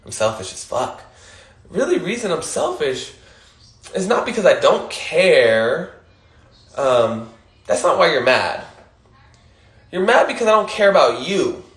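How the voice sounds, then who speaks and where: A man's voice: on the high side, very animated, unhurried, pauses often, fairly bright tone, roomy sound. A man hosting an Instagram Live, giving a casual motivational monologue, emphatic and swearing casually, often laughing and repeating his points.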